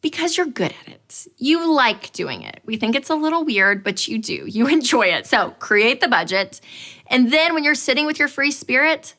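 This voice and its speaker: A woman giving a personal finance talk, telling a lively story with animated expression and frequent laughter. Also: high-pitched, moderate pace.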